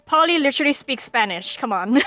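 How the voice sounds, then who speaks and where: A woman narrating a tabletop game as game master, lively and quick to laugh. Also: sits high, soft background music. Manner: lively, laughs often, thinks aloud.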